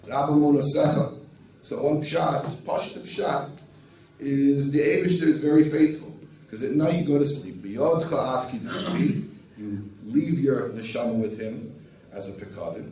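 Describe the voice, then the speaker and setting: A man's voice: medium pitch, moderate pace, a little mellow. A man giving a Torah lecture as a rabbi, earnest and teaching, with Yiddish and Hebrew words woven into his talk. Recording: roomy, distant mic, faint noise.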